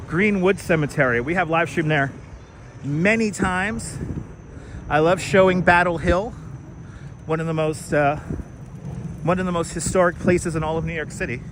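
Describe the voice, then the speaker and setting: A man's voice: fairly high pitch, normal speed, long pauses, background noise. A man hosting a casual outdoor live stream while walking, reading out and thanking viewers' comments, recorded on a wireless clip-on mic. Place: outdoors on city streets and in a park.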